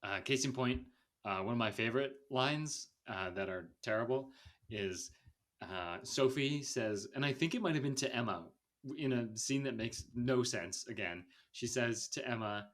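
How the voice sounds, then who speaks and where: A man's voice: lively intonation, normal speed, a bit bright. Laughing, rambling male podcast host. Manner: rambling, laughs often, mimics lines in a higher voice. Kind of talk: casual chat about movies.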